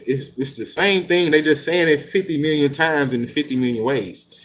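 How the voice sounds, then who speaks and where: A man's voice: fairly high pitch, normal speed, a bit bright. A man reading passages from a book aloud and then riffing on them in blunt, slangy, profane casual talk. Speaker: host reading and commenting on an occult book.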